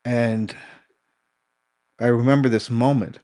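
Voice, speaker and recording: A man's voice: medium pitch, a little slow, pauses often, darkish tone, no room sound, studio quality. A middle-aged man, a dog trainer and guest, telling a story in a candid, self-critical way and swearing casually.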